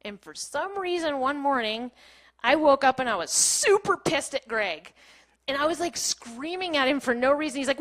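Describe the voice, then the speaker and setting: A woman in her thirties tells a personal story on a small playhouse stage, her voice sitting a little on the high side. She talks candidly and casually, fills her sentences with "like", and laughs easily as she goes. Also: lively intonation, normal speed, a bit bright. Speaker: keynote speaker.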